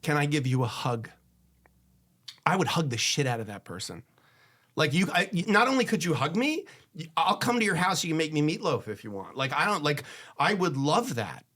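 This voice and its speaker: Brisk and very animated, with a voice on the high side, a man who works as a divorce attorney gives candid marriage advice in conversational fashion. He acts out both spouses and shifts to a soft hush for a personal story.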